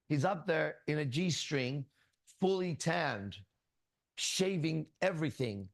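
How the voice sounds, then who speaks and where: Casting: man, slightly high voice with gravel in it, crude, blunt spiritual teacher, dry close mic. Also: no echo. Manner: crude, profane, blunt storytelling. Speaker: ministry teacher. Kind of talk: casual spiritual talk.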